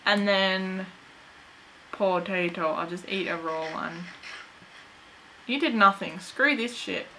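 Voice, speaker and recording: Slow-talking, bright-voiced woman gamer. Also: mid-range voice, a little hiss or hum, rough recording. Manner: goofy, chatty, talks to the game and viewers. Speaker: gaming channel host. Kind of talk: let's play commentary.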